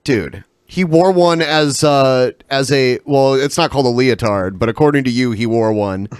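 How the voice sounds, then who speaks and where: A man's voice: mid-range voice, moderate pace, smooth, dry recording, studio quality. A man co-hosting a podcast, chatting in a laid-back, matter-of-fact way. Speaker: podcast co-host. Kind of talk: casual banter.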